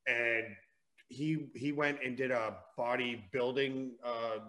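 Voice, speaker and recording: A man's voice: medium pitch, fairly even intonation, slow, sharp tone. A man casually telling a family story on a podcast, swearing and laughing as he goes.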